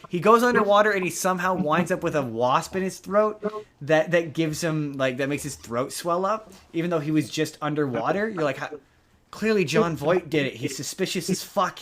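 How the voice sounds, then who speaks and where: A man's voice: on the high side, fairly bright tone. A man co-hosting a podcast, talking casually in a rambling way with many restarts. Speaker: podcast co-host. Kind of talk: casual chat.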